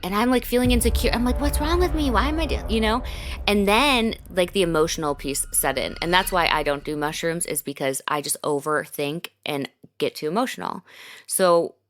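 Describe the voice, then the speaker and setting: A woman's voice: on the low side, steady tone, normal speed, a little hiss or hum. A woman hosting a podcast, telling a personal story in a candid, casual way, full of filler words and swearing. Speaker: podcast host.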